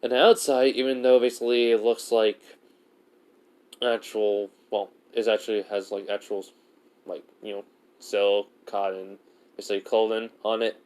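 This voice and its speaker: A man's voice: fairly low pitch, flat delivery, normal speed, darkish tone, smooth. A man casually telling a self-insert fan story, rambling and saying "basically" over and over. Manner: rambling, says "basically" constantly.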